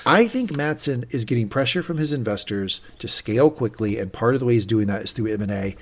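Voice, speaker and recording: A man co-hosting a podcast, recapping an episode in casual chat and acting out lines from it. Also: medium pitch. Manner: animated, acts out quotes from the show. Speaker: podcast co-host.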